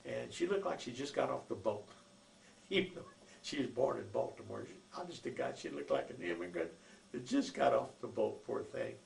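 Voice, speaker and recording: Older man, deeply gravelly voice, rambling folksy family stories, echoey room, faint hiss. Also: very animated, moderate pace. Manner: rambling folksy storytelling with many fillers. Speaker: oral history narrator. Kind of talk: recorded life-story reminiscence.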